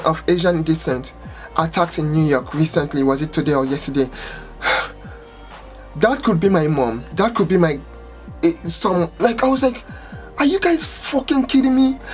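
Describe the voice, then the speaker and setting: A woman salon owner giving an impassioned, angry rant to camera, exasperated and swearing, with outbursts that climb in pitch. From United States.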